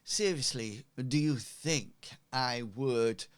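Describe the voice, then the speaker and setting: A man's voice: mid-range voice, slow pace, clean tone, close to an everyday voice. A man voicing a haughty male merchant who answers questions in a scoffing, aloof way. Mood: scornful.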